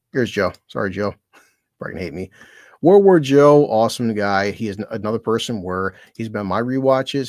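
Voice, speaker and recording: A man's voice: lowish voice, dry recording. A man chatting casually on a livestream, rambling and swearing freely, with self-deprecating asides and laughs between remarks. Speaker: streamer thanking fellow creators.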